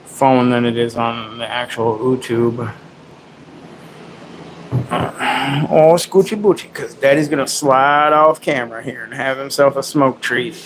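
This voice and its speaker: A man's voice: medium pitch, fairly even intonation, moderate pace, few pauses, background noise. A man hosting a casual livestream from home, rambling, mocking himself and baby-talking to his dog. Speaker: livestream host.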